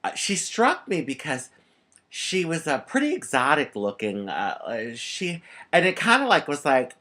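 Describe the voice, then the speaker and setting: Lively middle-aged woman telling a story. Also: extremely low pitch, measured pace. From United States. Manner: animated, laughs often, acts out the people in the story. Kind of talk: casual storytelling.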